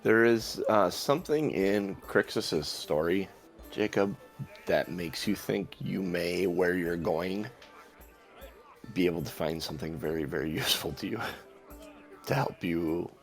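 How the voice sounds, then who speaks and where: A man in a casual tabletop game who speaks slowly and deliberately, laughing often. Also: low-pitched, faint music behind. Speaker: player.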